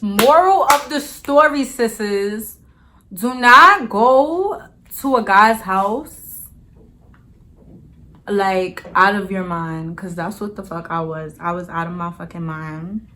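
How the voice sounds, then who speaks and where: A young woman tells a story to her viewers in a casual, blunt way, swearing freely. Her voice is bright and her pace slow and unhurried. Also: mid-range voice, slight background noise. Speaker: vlogger. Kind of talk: storytime vlog.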